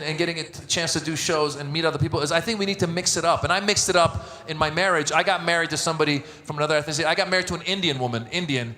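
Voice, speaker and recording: A man's voice: fairly high pitch, sharp tone. A middle-aged male stand-up comedian from Iran performing a set before a live audience, joking with the crowd and acting out voices. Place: large event hall with a live audience. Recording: echoey live hall, crowd.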